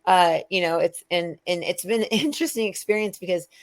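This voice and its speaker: A woman's voice: on the low side, fairly quick. A middle-aged woman rambling through casual spiritual chat, acting out quoted people with sudden jumps in her voice. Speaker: spiritual medium and co-host.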